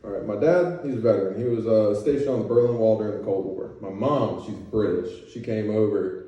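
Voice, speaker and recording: A man's voice: lowish voice, brisk, dark tone, muffled recording. A man doing a stand-up comedy set, talking loosely and crudely, often tossing "okay?" at the crowd. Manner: loose, crude, conversational with frequent "okay?" asides. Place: comedy club stage. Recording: roomy club sound from a distance, crowd reacting. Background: audience laughter.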